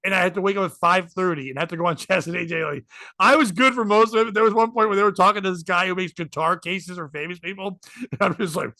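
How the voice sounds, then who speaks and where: A man with a high, bright voice tells a self-mocking story to his co-host, playing out both sides of the dialogue. The sound is dry and close, with no room in it. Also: steady tone, fast talker, gravelly, dry recording. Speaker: podcast co-host. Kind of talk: casual storytelling chat.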